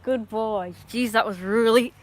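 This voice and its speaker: A woman's voice: fairly high pitch, a little slow. A woman chatting casually on a live stream, talking to her viewers and scolding her dog.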